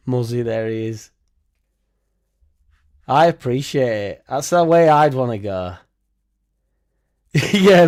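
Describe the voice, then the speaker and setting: Rambling, laughing lad. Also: male voice, medium pitch, expressive, slow pace, pauses often, a little mellow. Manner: laughs often, swears freely, rambling. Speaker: fan channel host. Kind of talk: casual livestream reaction chat.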